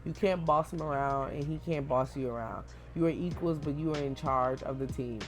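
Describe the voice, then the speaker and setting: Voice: medium pitch, normal speed, faint music behind, lightly acted. A reader voicing a dry, commanding male government director who speaks with authority.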